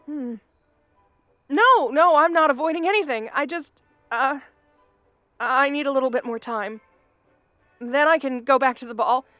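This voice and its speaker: A woman's voice: high-pitched, a bit bright, no room sound. A woman voicing a brash but anxious young orc woman in an audio role-play, stammering, laughing nervously and insisting she is fine.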